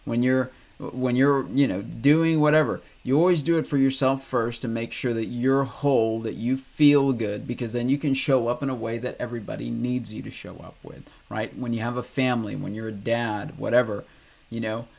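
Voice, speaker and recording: Gravelly man ranting profanely. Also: mid-range voice, fairly even intonation, moderate pace, a little mellow. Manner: profane, rambling, laughs often. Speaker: ex-Christian reaction host. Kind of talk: casual ranting commentary.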